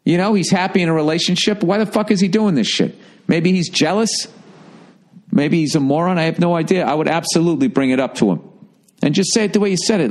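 A man's voice: a little high, fast. A middle-aged man hosting a show, answering listener letters in a blunt, rambling, heavily profane way. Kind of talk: casual advice rant.

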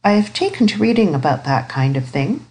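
A woman reading the part of an eager, warm-hearted young niece in an audiobook, with a raised, pleading tone. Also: on the low side, very animated, moderate pace, voice pushed up, rough recording.

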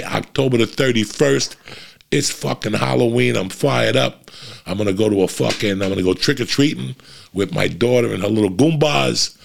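A middle-aged man, a comedian hosting his own podcast, giving a blunt, profane motivational monologue. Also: mid-range voice. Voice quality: gravelly. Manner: blunt, profane, fired-up ranting.

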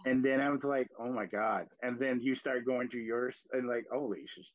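A man hosting a casual podcast chat, telling reflective stories in an animated way. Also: mid-range voice, normal speed, no room sound. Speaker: podcast host. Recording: dry, dull lo-fi sound.

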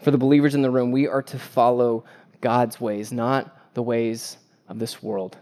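A man's voice: medium pitch, level tone, moderate pace, warm tone. A man preaching a sermon as pastor, earnest and emphatic, with repeated phrases and joking asides about family life.

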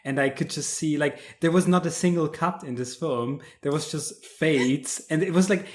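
A man on a podcast, chatting casually about a film and telling the story in an animated, amused way with many restarts. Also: fairly high pitch, normal speed. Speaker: podcast guest discussing films.

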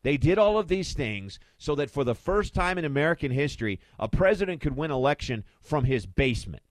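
A man's voice: a little high, sing-song, a little fast, dry recording. A man hosting a talk radio show, delivering an impassioned, rhetorical monologue and hammering home his points with repeated questions from a studio microphone.

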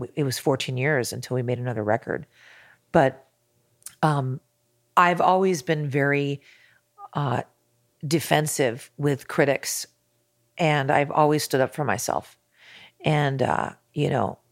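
A woman's voice: low voice, no echo. Middle-aged woman, singer guest, candid and emphatic storyteller, dry close mic. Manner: frank and emphatic, acts out quoted exchanges.

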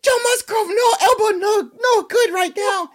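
A man voicing a childlike, squeaky red monster puppet who talks in broken grammar. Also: measured pace. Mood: whiny. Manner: very high, cries out, broken grammar.

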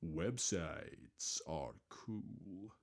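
A man's voice: sits low, expressive, drawn-out words, creaky. A man hosting a comedy podcast, rambling and scatterbrained, with frequent self-mocking asides. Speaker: host. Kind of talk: improvised comedy monologue.

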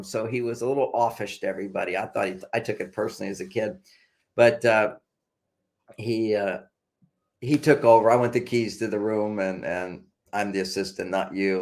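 A man telling a personal story casually as a podcast guest, animated and laughing, acting out quotes in a raised voice. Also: lowish voice, brisk.

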